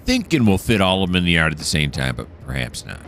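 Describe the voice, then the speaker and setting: A man's voice: low-pitched, wildly swooping pitch, quick pace, fairly bright tone, slight background noise. A man narrating a train simulator game as he plays, thinking aloud and correcting himself. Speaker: gameplay commentator. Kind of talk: relaxed let's-play narration.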